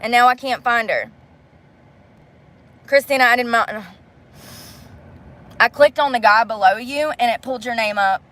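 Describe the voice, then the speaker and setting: A woman's voice: a little high, moderate pace, long pauses, pushed and bright. A woman chatting casually on a phone livestream, blunt and profane as she vents to her viewers.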